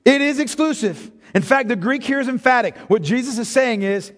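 High-voiced impassioned male preacher. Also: lively intonation, fairly quick, few pauses. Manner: impassioned, swings from hushed to near-shouting; addresses listeners as "beloved". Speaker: pastor. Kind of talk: sermon. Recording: long reverb of a large hall.

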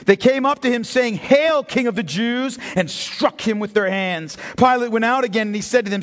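A man preaching a sermon as pastor, swinging from hushed reading to shouted emphasis. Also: extremely high pitch, moderate pace, few pauses. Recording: hall reverb.

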